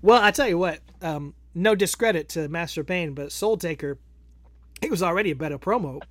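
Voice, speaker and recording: A man's voice: on the high side, a little fast, a bit bright, a little hiss or hum. A man co-hosting a podcast in casual chat, rambling and laughing often. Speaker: podcast co-host.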